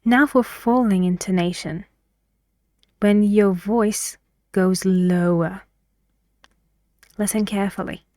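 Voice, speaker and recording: A woman teaching English pronunciation, speaking slowly and carefully and swinging her pitch up and down to model intonation. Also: steady tone, darkish tone, no room sound, clean studio sound. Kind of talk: pronunciation lesson.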